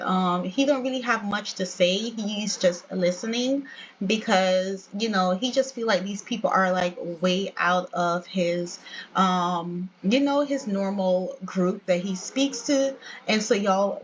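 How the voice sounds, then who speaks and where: A woman's voice: mid-range voice, takes it slowly, dull audio, a little hiss or hum. A woman giving casual, chatty gameplay narration as a let's play host, often addressing her viewers as "y'all".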